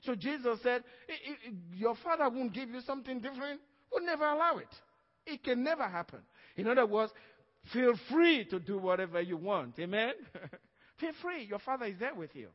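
Pastor, male, high voice, emphatic sermon delivery, dull recording with long hall reverb. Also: expressive, fairly quick. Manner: preaching with emphatic stresses and frequent "Amen?".

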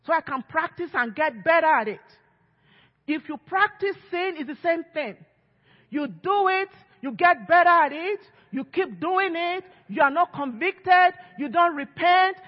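A woman's voice: extremely high pitch, animated, measured pace. A woman pastor preaching a sermon, emphatic and acting out quoted voices. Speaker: lead pastor. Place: church sanctuary. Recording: echoey church hall, dull lo-fi sound.

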